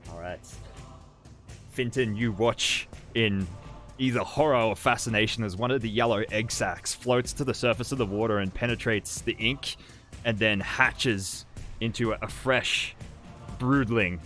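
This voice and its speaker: Low-voiced man running a tabletop game. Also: a little slow, a bit bright, faint music behind. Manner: descriptive, laughs easily. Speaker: dungeon master.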